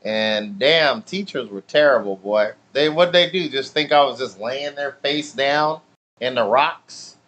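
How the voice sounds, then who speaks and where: Casting: adult man, mid pitch, loose and profane storyteller. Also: a little slow. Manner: profane, laughing, animated storytelling. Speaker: channel host. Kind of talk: casual storytelling.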